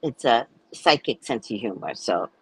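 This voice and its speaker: A woman's voice: very deep voice, lively intonation, normal speed, breathy edge, no echo. A woman from New York, a psychic tarot reader, chatting sarcastically through a live-stream reading and laughing at her own jokes.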